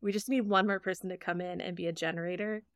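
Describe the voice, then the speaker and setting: A woman who co-hosts and produces a podcast chats casually, poking fun at herself and laughing easily. Her voice is smooth, crisp, and fairly low, with fairly even intonation and a fast pace. She's right up close to a dry mic with no room sound.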